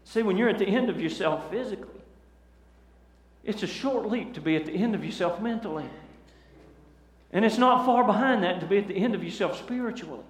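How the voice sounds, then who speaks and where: A man's voice: high-pitched, animated, a little fast, long pauses. A man preaching a fervent sermon, asking the congregation questions. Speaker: pastor. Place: large church hall. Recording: echoey church hall recording.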